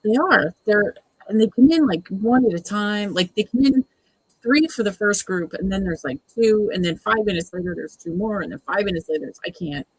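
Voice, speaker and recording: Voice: medium pitch, expressive, moderate pace, husky, no room sound, low-quality recording. A host giving casual, exasperated running commentary at a live watch party, sarcastic and mimicking the people on screen.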